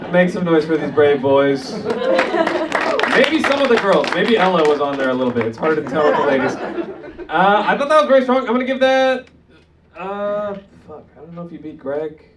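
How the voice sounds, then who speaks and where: A man with a Philadelphia accent hosting a live comedy competition in a loose, joking, swearing way. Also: fairly high pitch. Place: comedy club stage. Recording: distant room mic with loud crowd and noise.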